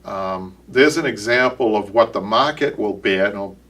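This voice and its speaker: A man's voice: on the low side, moderate pace, fairly bright tone, recorded from a distance. A man with a Boston accent hosting a live upholstery show, talking casually and rambling with repeated words and restarts. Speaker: upholstery shop owner and show host. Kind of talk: casual live-stream chat.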